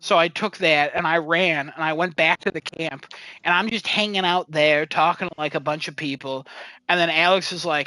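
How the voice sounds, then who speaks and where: A man's voice: fairly high pitch, normal speed, pushed and bright, dry recording, low-quality recording. A young man casually telling a funny story about his video game, acting out quotes and laughing often. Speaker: podcast co-host.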